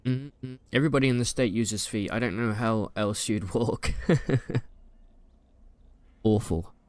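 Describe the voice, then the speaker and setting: A man's voice: lowish voice, unhurried, darkish tone, no room sound. A young man giving casual, playful gameplay commentary, joking and trash-talking the enemies he fights. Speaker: gaming YouTuber.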